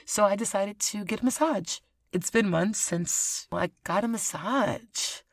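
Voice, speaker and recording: A woman hosting a casual solo podcast, talking to her listeners in an animated, profane way and laughing often. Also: medium pitch, unhurried. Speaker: podcast host.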